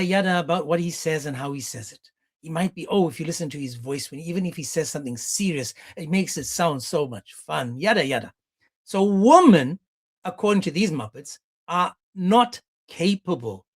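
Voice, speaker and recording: A man hosting a live reaction stream, animated and mocking, with exclamations. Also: a little high.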